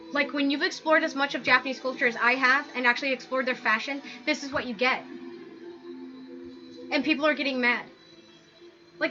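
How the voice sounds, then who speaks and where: A woman hosting a casual commentary video, talking through pictures in an animated, exasperated rant full of "like". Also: high voice. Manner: animated, exasperated ranting with frequent "like". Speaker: video host. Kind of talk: casual commentary over images. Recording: dull lo-fi sound with background music.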